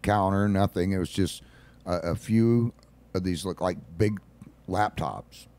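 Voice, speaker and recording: A man co-hosting a casual radio talk show, telling stories in a lively way and acting out what people said. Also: deep voice, a little slow. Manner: animated storytelling, acts out quotes.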